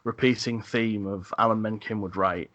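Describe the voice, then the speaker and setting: Low-voiced man, bright dry sound. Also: steady tone, normal speed, no echo, lo-fi sound. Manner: thoughtful, hesitant with frequent ums and restarts. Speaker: podcast co-host. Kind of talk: casual film podcast chat.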